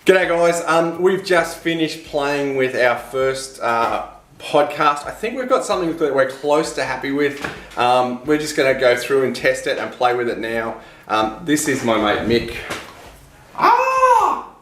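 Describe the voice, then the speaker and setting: A man's voice: medium pitch, moderate pace, fairly bright tone, a little hiss or hum. An Australian man hosting a casual vlog and podcast, talking in a laid-back, rambling way with lots of fillers, in a room. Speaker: vlogger and podcast host. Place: indoor room. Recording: roomy echo.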